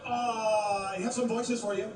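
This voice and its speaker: A man's voice: sits high, steady tone, measured pace. A man performing on a TV talent show stage, introducing his impressions to the judges, heard from a TV clip. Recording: roomy distant TV clip with music behind.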